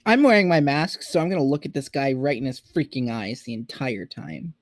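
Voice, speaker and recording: A woman's voice: a bass voice, lively intonation, brisk, no echo, studio quality. A woman playing in a tabletop game, wry and questioning. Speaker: player. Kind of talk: casual chat during a tabletop game.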